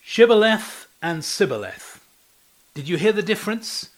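A man's voice: fairly high pitch, very animated, moderate pace. A man giving a devotional talk as a preacher, telling a scripture story and asking the listener rhetorical questions.

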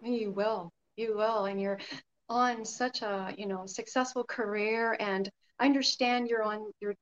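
A woman's voice: medium pitch, steady tone, measured pace, muffled recording. A woman interviewing a guest, encouraging her with frequent short affirmations. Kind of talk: casual interview.

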